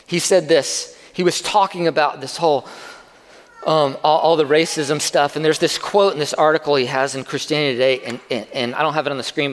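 A man preaching to his congregation in an easygoing, talky manner, circling back to repeat key lines. His voice sits a little higher than most men's. It hangs in a long reverb, as if in a large sanctuary. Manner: conversational, repeats key phrases for emphasis. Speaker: pastor. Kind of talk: sermon.

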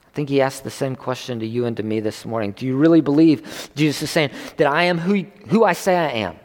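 Chatty preacher with a ringing hall. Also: male voice, mid-range voice, fairly quick. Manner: conversational, restarts, swells with emphasis. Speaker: pastor. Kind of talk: sermon. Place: church service. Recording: long hall reverb.

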